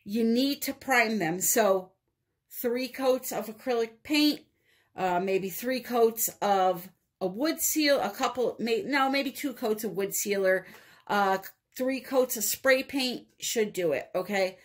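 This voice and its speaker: Slow-talking New England woman. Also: fairly high pitch. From northeastern United States. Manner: chatty and upbeat, laughs at herself. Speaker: resin art channel host. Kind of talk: casual craft tutorial.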